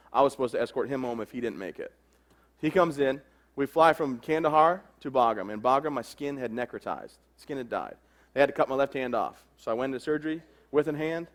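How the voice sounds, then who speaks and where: An army veteran in his thirties gives personal testimony to an audience, recounting his story plainly and candidly with quick side remarks. He talks fast, his pitch in the middle range.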